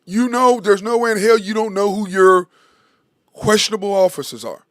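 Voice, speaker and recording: A man with a high voice hosts a sports talk show and delivers a blunt, heated monologue, swearing as he goes. The recording is dry and close, with no room around him. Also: normal speed, no room sound. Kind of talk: opinionated monologue.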